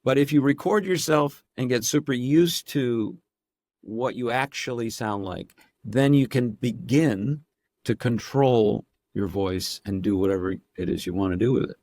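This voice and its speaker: A man's voice: medium pitch, measured pace, a little mellow, dry recording, studio quality. A man guesting on a podcast, talking casually and playfully, slipping into demonstration voices as he explains. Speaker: actor and impressionist guest.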